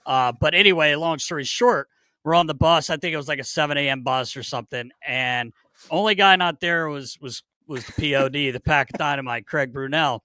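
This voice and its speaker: Give me a man hosting a podcast who spins a road story with loud, animated energy, cursing and laughing. His voice is very bright and a little high, recorded close and dry with no room sound. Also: a little fast, no echo. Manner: animated, swears freely, laughs while telling stories. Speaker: podcast host. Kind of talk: casual storytelling chat.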